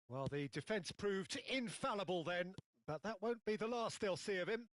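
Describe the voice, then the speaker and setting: A man giving play-by-play football commentary in a video game, building up excitedly and shouting at goals and shots. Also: high-pitched, normal speed, dry recording.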